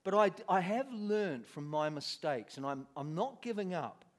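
Man preaching, animated storyteller, fairly high voice. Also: moderate pace. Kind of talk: sermon storytelling.

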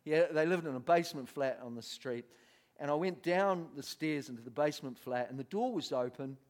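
A man's voice: a little high, fairly quick. A man preaching a sermon, telling a story with lots of laughter and acted-out voices.

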